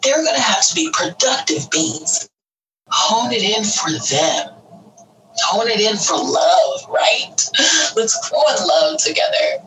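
A woman's voice: medium pitch, sing-song, slow, a bit bright, recorded from a distance, a little hiss or hum, low-quality recording. A woman talking earnestly and with feeling about parenting teenagers, acting out little quoted voices as she goes. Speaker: parent sharing advice. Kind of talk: casual heartfelt talk.

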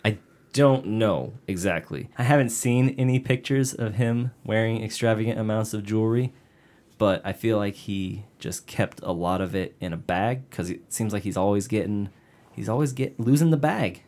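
A man's voice: fairly low pitch, normal speed, darkish tone. A man co-hosting a casual podcast, reading out a story with joking asides. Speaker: podcast co-host narrating a case. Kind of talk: casual podcast chat with read narration.

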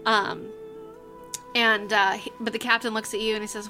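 Game master, woman, bright voice, faint music underneath. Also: mid-range voice, level tone, normal speed. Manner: rambling, filler-heavy, casual. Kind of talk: narrating a tabletop game.

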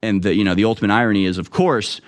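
A man's voice: fairly low pitch, steady tone, very fast. A man delivering a political commentary monologue in a sarcastic, mocking way. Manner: sarcastic, mocking impressions in raised voice.

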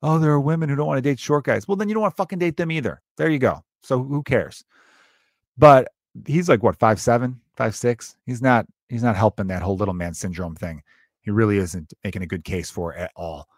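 A man's voice: on the low side, brisk, dry recording, studio quality. A man, talking through a loose, profane, rambling podcast monologue and often restarting his sentences. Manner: rambling, profane, self-interrupting storyteller. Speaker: podcast host. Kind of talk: casual monologue.

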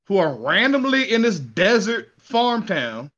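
An excitable man recounts a story in loose, slangy chat, swearing and laughing along the way. His voice sits a little high and rings bright and forceful. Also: unhurried, dull audio. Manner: slangy, says y'all and ain't. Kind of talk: casual chat.

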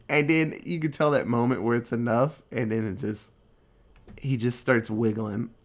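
Guy casually recapping a movie, jokey and laid back, does quick little character voices. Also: mid-range voice. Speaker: podcast host recapping a film. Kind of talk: casual chat.

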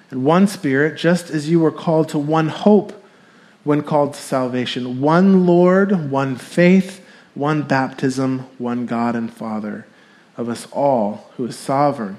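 A man in his thirties giving a sermon, explaining scripture in a relaxed, conversational way with fillers. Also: mid-range voice. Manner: light chuckles and filler sounds. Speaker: pastor.

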